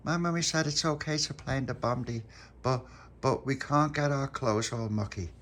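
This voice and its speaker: A man voicing a prim little girl who talks slowly and carefully. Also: mid-range voice, a bit bright, a little hiss or hum, voice pushed up, natural voice.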